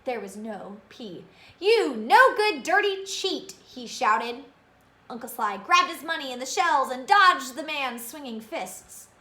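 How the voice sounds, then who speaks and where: A woman reading a children's novel aloud in an expressive way, with asides to her listeners. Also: fairly high pitch, echoey room. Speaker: reader of a children's book.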